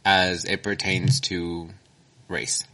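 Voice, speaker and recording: Guy chatting on a podcast, kinda low voice but bright, deadpan jokes. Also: takes it slowly. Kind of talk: casual chat.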